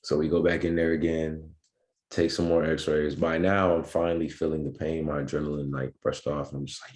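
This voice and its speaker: A man's voice: extremely low pitch, little pitch movement, moderate pace, a little mellow. A young man, a pro basketball player, tells his story as a podcast guest in a laid-back way, with many ums and restarts. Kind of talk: casual interview storytelling.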